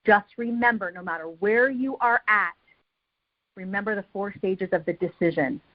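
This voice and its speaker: A woman's voice: mid-range voice, normal speed. A woman giving a motivational talk as a guest speaker on a team call. She speaks with energy and emphasis and repeats phrases to drive each point home. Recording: dull lo-fi call audio.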